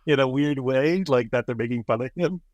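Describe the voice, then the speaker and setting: A man's voice: medium pitch, fairly quick, darkish tone, dry recording, highs cut off. A man co-hosting a film review podcast, chatting casually and retelling scenes. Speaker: podcast co-host.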